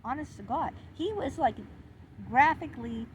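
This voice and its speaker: A middle-aged woman vlogger telling a personal story in an indignant, animated, exclaiming way. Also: sits high, normal speed, slight background noise, rough recording. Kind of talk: confessional storytelling to camera.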